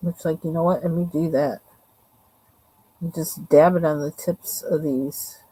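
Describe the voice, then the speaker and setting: A woman streaming live, talking quietly to herself in casual chat as she colors a drawing. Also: low voice, fairly even intonation, a little slow, breathy edge, dry recording, low-quality recording. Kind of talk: casual self-talk while coloring.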